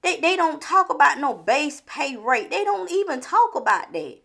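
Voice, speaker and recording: High, gravelly woman giving a pep talk. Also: very animated, moderate pace, bright, forceful tone. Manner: repetitive, preachy, rhetorical questions. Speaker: vlogger. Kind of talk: motivational talk to camera.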